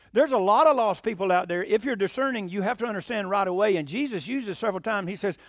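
Folksy preacher, high voice. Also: male voice, no room sound, clean studio sound. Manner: folksy storytelling, asks congregation questions. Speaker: pastor. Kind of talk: sermon.

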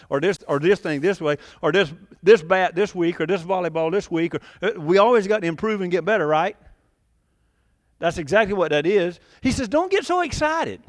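A man's voice: high voice, no room sound, clean studio sound. A man preaching a sermon in a conversational way, often laughing and putting questions to the congregation. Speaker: pastor.

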